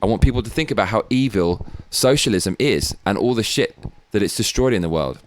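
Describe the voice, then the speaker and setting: On his own show, this British host delivers sweary, blunt takes on politics and drifts into rambling tangents. His voice sits on the low side, and he sounds animated and talks fairly quickly.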